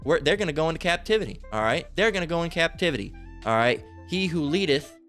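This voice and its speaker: A man's voice: fairly high pitch, animated, fast, fairly bright tone, soft background music. A man preaching a fiery, profane sermon, reading scripture aloud and often breaking off with "all right?" asides. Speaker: street-style preacher.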